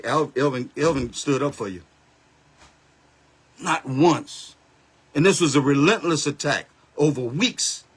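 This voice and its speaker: Speaking on the high side with a breathy quality, a pastor in his seventies rants on a Facebook live. It's captured on a phone or webcam, and his delivery is blunt, confrontational, and street-style heated.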